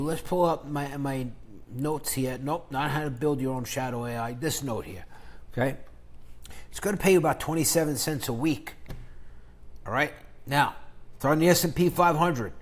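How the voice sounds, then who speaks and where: A man with a somewhat high voice rants through an investing vlog. His talk is crude and profane, and he mocks rivals with sudden loud jabs. He rambles loosely from point to point. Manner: crude, profane, mocking shock-jock banter. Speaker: finance YouTuber.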